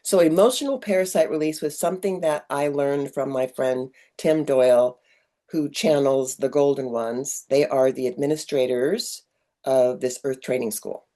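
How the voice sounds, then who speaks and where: A middle-aged woman with a low, mellow voice leads a spiritual sharing session over a webcam. She rambles and digresses, filling pauses with ums. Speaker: workshop leader. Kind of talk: spiritual group talk.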